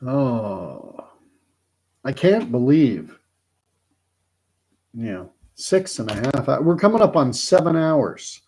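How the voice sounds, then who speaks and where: A man's voice: mid-range voice, sing-song, slow, long pauses, a little mellow. A man from Canada hosting a casual live stream, chatty and joking, thinking aloud as he follows a count. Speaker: host.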